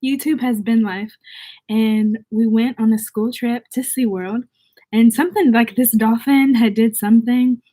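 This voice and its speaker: A young woman chats on her livestream in a bubbly, rambling way, reading out viewer comments and answering questions. She comes from the southern United States but has no Southern accent. Her voice sits fairly high. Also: fairly even intonation, measured pace, warm tone. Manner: chatty, bubbly, reads comments aloud. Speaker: vlogger. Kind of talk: casual livestream chat.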